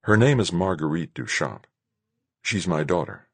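A man's voice: low voice, expressive, normal speed, breathy edge, no echo, full character voice. A man voicing a cool, clipped female starship captain in an audiobook, curt and impatient.

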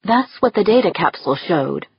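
A woman's voice: medium pitch, expressive, normal speed, vocal fry, husky, no room sound, dull audio, exaggerated voice. A woman voicing an earnest young woman crew member. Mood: pleading.

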